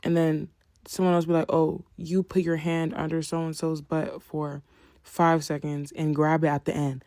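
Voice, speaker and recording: A young woman telling a casual storytime, soft and hesitant, full of "like" fillers. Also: low-pitched, level tone, moderate pace, no echo, studio quality.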